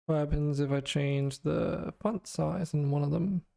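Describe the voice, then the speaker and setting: A worn-out man talks to himself in a flat, monotone way while he pokes at his game's code. His voice is mellow and soft-edged, steady and unhurried. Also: fairly high pitch, vocal fry. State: exhausted. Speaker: game developer streamer. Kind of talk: thinking aloud while coding.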